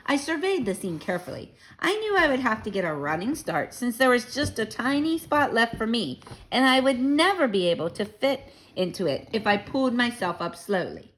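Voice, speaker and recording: A woman reading a children's book aloud, gentle and chatty with young listeners. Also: a little high, sing-song, moderate pace, a little hiss or hum. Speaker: children's story reader.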